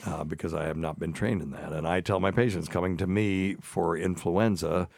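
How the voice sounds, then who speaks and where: A man in his sixties with a very low voice and a softened Southern accent chats on a show, a physician spinning folksy, self-deprecating stories. The sound is dry and close. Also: steady tone, moderate pace, dry recording. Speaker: physician co-host. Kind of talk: casual podcast chat.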